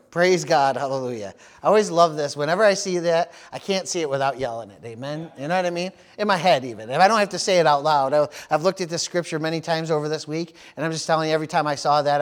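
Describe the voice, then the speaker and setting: A man's voice: on the high side, quick pace. A man preaching a sermon as pastor, often stopping for amen, praise the Lord and hallelujah, repeating words as he goes. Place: church service.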